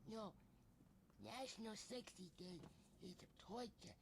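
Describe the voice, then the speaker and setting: A man doing a high, grumpy plush toy. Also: measured pace, noisy background.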